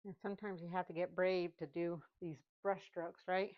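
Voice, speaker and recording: A woman's voice: lowish voice, level tone, normal speed, few pauses, muffled recording. A woman chatting casually while she paints, laughing often and talking to herself. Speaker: painting vlogger.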